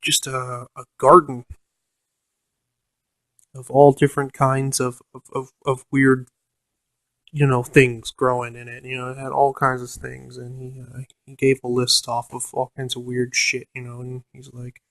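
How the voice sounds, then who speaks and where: A man's voice: medium pitch, completely flat delivery, unhurried, fairly bright tone, dry recording. Man, casual profane storyteller, fillers and restarts, dry close recording. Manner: quotes the game master in a mocking voice. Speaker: storyteller recounting a tabletop game. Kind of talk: casual anecdote.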